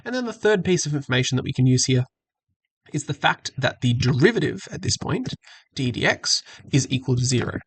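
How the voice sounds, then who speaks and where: A man's voice: medium pitch, big pitch swings, a little fast, husky, dry recording. A man teaching maths, walking through an exam question patiently and methodically and correcting himself as he goes. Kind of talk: screen-recorded exam walkthrough.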